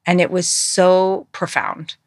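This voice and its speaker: A woman's voice: fairly low pitch, fairly even intonation, slow pace, no echo, clean studio sound. A woman being interviewed, speaking earnestly and reflectively, searching for words with many fillers and restarts. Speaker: guest, author and musician.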